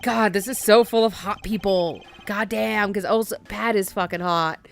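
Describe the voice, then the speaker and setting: A woman streamer giving casual, animated game commentary, swearing and laughing freely. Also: medium pitch, moderate pace, vocal fry, soft background music.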